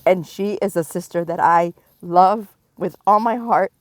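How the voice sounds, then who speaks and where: Middle-aged woman, prophetic warning, stern and emphatic, repeats herself slowly, dry sound. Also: lowish voice, no room sound. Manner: stern, emphatic warnings with slow pleading repetition. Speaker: self-described prophet.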